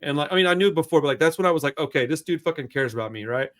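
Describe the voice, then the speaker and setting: A young man co-hosting a podcast, telling a story in a loose, profane, animated way and acting out the quotes. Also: a little high, racing. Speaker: podcast co-host. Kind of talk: casual storytelling chat.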